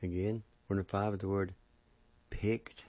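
A man giving a language lesson, spelling out words and slowly sounding out their syllables, repeating each one. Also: low-pitched, flat delivery, darkish tone, no echo, muffled recording. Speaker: language teacher. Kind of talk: slow word-by-word pronunciation lesson.

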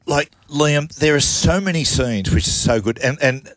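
A man's voice: fairly high pitch, animated, normal speed, a bit bright, no room sound. A man hosting a radio comedy show, laughing often and sometimes singing. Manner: laughing, enthusiastic, sings snatches. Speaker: radio host. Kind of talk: radio banter.

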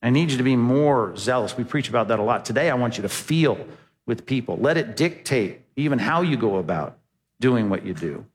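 Conversational preacher in a reverberant hall. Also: male voice, mid-range voice, animated, fairly quick. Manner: conversational preaching with rhetorical questions and emphatic quotes. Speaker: pastor. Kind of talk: sermon.

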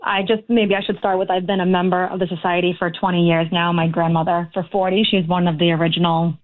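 A woman's voice: on the low side, little pitch movement, quick pace. A woman calling in to a radio show, talking earnestly and at length about being treated unfairly. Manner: earnest, aggrieved, talks in long runs. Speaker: caller. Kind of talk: call-in talk radio. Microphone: telephone. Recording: phone line.

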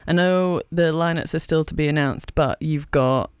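A man's voice: a little high, moderate pace, smooth. A male radio host running a casual, chatty interview with enthusiasm.

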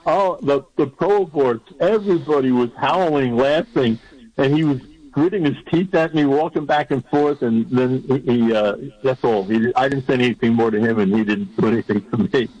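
A man's voice: mid-range voice, moderate pace, a little mellow, no room sound, rough recording. A man hosting a talk show, telling a story of his own in a casual way and chuckling along.

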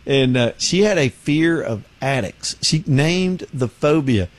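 A man's voice: medium pitch, animated, a little slow. A man hosting a radio talk show, telling stories in casual chat, often acting out voices and laughing.

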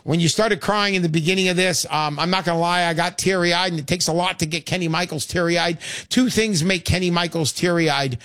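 Brash, high-voiced male radio host. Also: fairly even intonation, fairly quick, hardly any pauses, fairly bright tone, clear, resonant tone, dry recording, clean studio sound. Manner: brash, salesy, joking. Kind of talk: call-in radio talk show.

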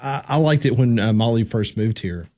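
A man's voice: medium pitch, moderate pace, mellow, highs cut off. A man co-hosting a radio talk show, playful and teasing in his banter.

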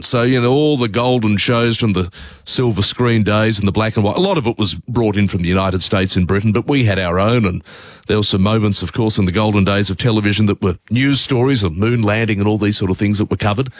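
A man's voice: on the low side, a little fast, dry recording. Aussie radio host guy, rambly and casual, dry close mic. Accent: Australian. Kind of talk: talk radio banter.

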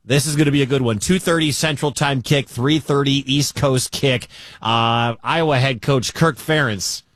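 With a Midwestern American accent, this man runs a sports talk radio show in a casual, conversational style full of quick asides. His voice is medium in pitch and a bit bright, captured at studio quality with no room sound.

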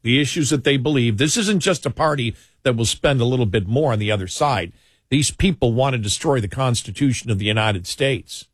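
A man's voice: mid-range voice, fairly quick, husky, no room sound, clean studio sound. A man co-hosting a political talk show, speaking indignantly and repeating himself as he builds his points. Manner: indignant, repetitive, rambling restarts. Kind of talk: political talk radio commentary.

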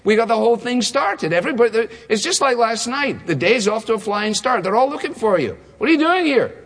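A preacher voicing excited male disciples who press Jesus to come back to the crowds. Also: fairly quick, heavily acted. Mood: urgent, excited. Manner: insistent, high-pitched, pressing. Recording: long hall reverb.

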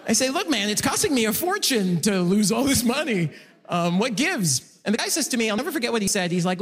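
A man performing a loud, animated stand-up comedy set in a large concert hall, acting out characters in his stories. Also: high voice, quick pace, husky. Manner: animated, loud jokey delivery with voiced characters. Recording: live hall recording with reverb. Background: audience laughter.

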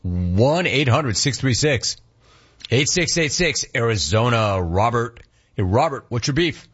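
A man hosting a talk radio show, telling animated stories and taking calls in a casual, joking way. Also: medium pitch, a little slow, husky, highs cut off. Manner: animated storytelling, laughs at clips.

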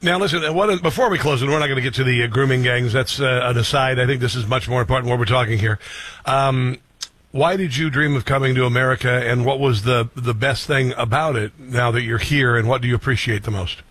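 A man's voice: mid-range voice, brisk, a bit bright, husky, no room sound. A man hosting an interview, often breaking in with short agreements. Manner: affirming, frequent short agreements. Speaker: interview host.

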